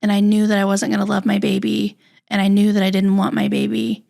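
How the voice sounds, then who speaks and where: A woman guest on a podcast, telling a personal story in a halting, candid, soft-spoken way. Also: mid-range voice, completely flat delivery, creaky.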